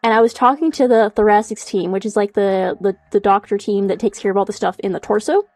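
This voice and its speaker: A young woman streaming from home in casual chat, animated, swearing a lot and laughing often as she reacts to chat. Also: mid-range voice, fast talker, no room sound. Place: home room.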